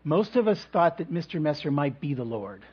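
A male pastor delivering a sermon in a measured way, with reflective pauses and touches of light humor. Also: a little high, sing-song. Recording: dull lo-fi recording.

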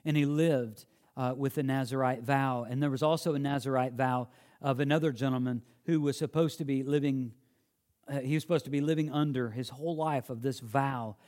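A man's voice: mid-range voice, steady tone, fairly quick, darkish tone. A man preaching a sermon, earnest and emphatic, often restarting phrases as he quotes and explains scripture.

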